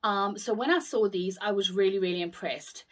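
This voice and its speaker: A woman's voice: mid-range voice, normal speed, a bit bright. A British woman chatting casually in a shopping haul video, gushing and exclaiming over each item she shows. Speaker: haul vlogger.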